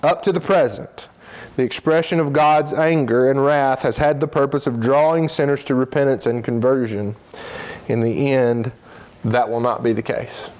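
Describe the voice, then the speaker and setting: A man teaching a Sunday school Bible lesson in an earnest way, slowing down when he stresses a point and reading scripture aloud in quick bursts. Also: mid-range voice, steady tone, darkish tone.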